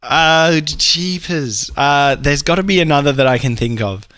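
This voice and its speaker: Bright-toned, playful Australian man. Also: fairly high pitch, a little slow. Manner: playful, laughing and teasing. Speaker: podcast co-host. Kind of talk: casual chat on a livestream.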